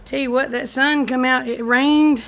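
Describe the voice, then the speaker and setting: A woman's voice: sits high, fairly even intonation, normal speed, gravelly, fairly bright tone. A woman, chatting casually on a home livestream in a folksy, rambling way, a little short of breath. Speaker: vlogger. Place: at home, indoors. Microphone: phone or computer mic.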